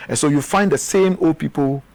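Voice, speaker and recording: A man's voice: fairly high pitch, fairly quick, creaky, a little mellow. A man with a Ghanaian English accent, speaking as a guest in a studio interview, earnest and often repeating words as he restarts. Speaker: guest, former official.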